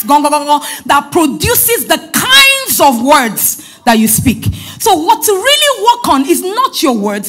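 A woman pastor preaching a sermon, stressing points with repeated phrases and moving between loud emphatic lines and soft asides. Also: very high-pitched.

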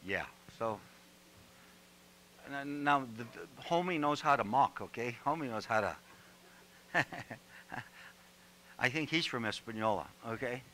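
Forceful, animated male preacher. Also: mid-range voice, slight background noise, rough recording. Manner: animated, joking, repeats words when worked up. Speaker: pastor. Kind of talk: sermon.

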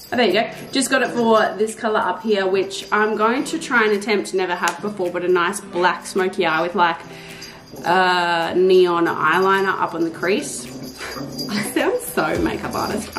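Chatty Australian woman in an echoey room. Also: a little high. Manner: chatty, rambling, jokey and casually profane. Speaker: vlogger. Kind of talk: casual day-in-the-life vlogging. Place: home, indoors.

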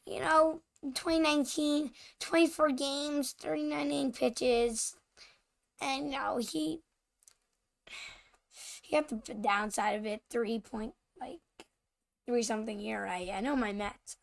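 A woman hosting a casual card-opening video, halting with many fillers and often apologizing for mispronouncing names. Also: high voice, creaky. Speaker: channel host showing baseball cards.

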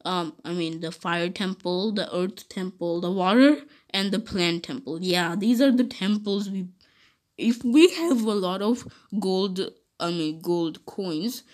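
A woman playing a game and role-playing with characters, giggly and excitable. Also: medium pitch, measured pace. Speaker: channel host. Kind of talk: playful role-play over gameplay.

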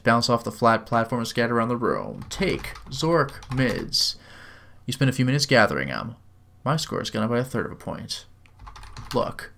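A man reads a text adventure aloud, drawing out each typed command and dropping in dry, wry remarks. His voice sits at an ordinary middle pitch for a man. Faint keyboard typing clicks along behind him. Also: creaky, fairly bright tone, slight background noise. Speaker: game video host.

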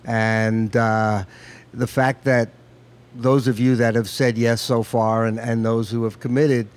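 Brief: relaxed male host, mid-pitched, unhurried and grateful. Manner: easygoing and grateful, with hesitant restarts. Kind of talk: casual interview chat.

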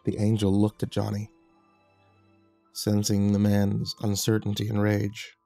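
A man reading a horror story aloud in steady, measured scripted narration. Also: fairly low pitch, creaky. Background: faint background music.

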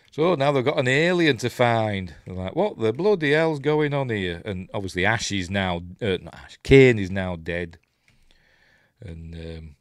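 A man's voice: on the low side, no room sound, clean studio sound. A man with a Yorkshire accent giving a rambling, chatty running commentary as he watches a film, chuckling at his own asides. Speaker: host of a film watch-along channel.

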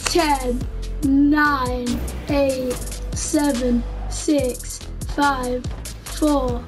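Excitable woman gamer with a very slow, drawn-out delivery; live commentary over loud game music. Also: sits high. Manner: excitable, screams at big moments.

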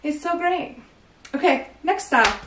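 Bubbly high-voiced woman in an echoey room. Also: lively intonation, a little slow, noisy background. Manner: bubbly, chatty, heavy use of "like" and slang. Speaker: clothing store owner showing new stock. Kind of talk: casual try-on haul. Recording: echoey room, some distance from mic.

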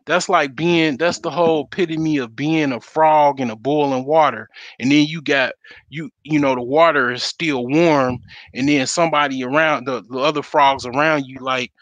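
A man's voice: fairly high pitch, steady tone, moderate pace, a bit bright, no room sound, dull audio. A man hosting his own show, ranting in a blunt, profane, casual monologue. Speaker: host.

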